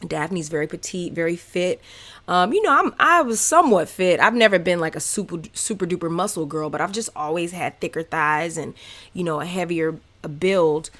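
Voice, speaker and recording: A woman in her thirties with a Southern American accent hosts her own podcast and tells stories from her life. Her voice sits a little low, and she talks candidly and with energy, full of fillers and asides. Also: normal speed. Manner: candid, animated, many fillers. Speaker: podcast host. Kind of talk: casual personal storytelling.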